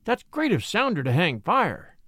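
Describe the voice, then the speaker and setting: A man voicing a gruff, bold Western ranger who barks orders with raised, emphatic delivery in an audiobook reading. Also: high-pitched, huge pitch swings, unhurried, fairly bright tone, dry recording, studio quality, full character voice. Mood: excited.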